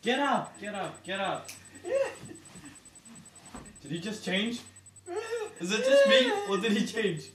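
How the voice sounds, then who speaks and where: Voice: mid-range voice, takes it slowly, long pauses, a crowd in the background, lightly acted. A performer playing a put-upon institution worker who questions patients and gets exasperated, in an amateur comedy sketch. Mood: flustered. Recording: echoey, distant, noisy room.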